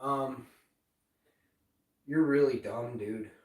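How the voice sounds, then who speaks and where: A man's voice: medium pitch, very slow, darkish tone, recorded from a distance. A man in his forties talks casually with lots of swearing and mocking asides. He rambles and needles his listener. His voice sounds roomy and off-mic, with room echo. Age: 40s. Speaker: live streamer. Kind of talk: casual chat with an AI assistant.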